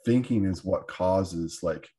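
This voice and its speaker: A man's voice: deep voice, slow, mellow, husky. A Canadian man hosting a podcast, chatting casually and hesitantly with lots of fillers and restarts. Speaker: podcast host. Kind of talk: casual conversation.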